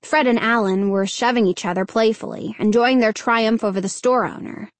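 A woman narrating a children's novel in a measured storytelling delivery. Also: fairly high pitch, steady tone, no room sound. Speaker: audiobook narrator. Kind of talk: scripted narration.

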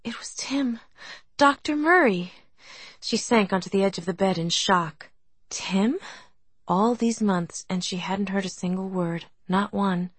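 A woman reading a novel aloud as audiobook narration, in a soft, gentle manner. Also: mid-range voice, steady tone, unhurried, slightly rough, dry recording. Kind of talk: scripted narration.

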